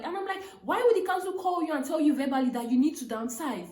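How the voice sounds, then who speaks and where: A woman's voice: sits high, rapid-fire, echoey room. A young woman from Africa vlogging a storytime, retelling an argument with rising, emphatic outbursts. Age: young adult. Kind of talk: animated storytime. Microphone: phone.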